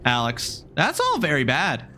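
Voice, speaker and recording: A man's voice: a little high, huge pitch swings, measured pace, pushed and bright. A man commentating a video game live, chatting casually with his viewers, apologetic and swearing now and then. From Canada. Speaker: game streamer. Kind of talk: live let's-play commentary.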